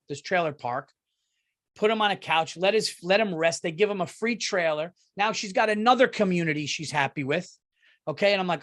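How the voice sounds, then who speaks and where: A middle-aged man hosting a solo comedy podcast, retelling a movie with profane, animated outrage that drops to mumbling asides. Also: high voice. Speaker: podcast host.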